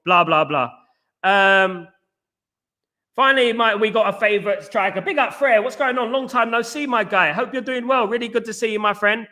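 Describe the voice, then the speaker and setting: Fast-talking bright-voiced male football host. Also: extremely high pitch. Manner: rapid, animated, reads out chat messages with banter. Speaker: fan channel host reading live chat. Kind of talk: fast casual live-stream chat.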